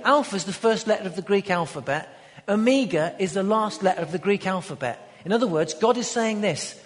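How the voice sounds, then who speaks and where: A man preaching a sermon in an emphatic manner, building to loud declarations. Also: sits high, brisk. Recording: long hall reverb.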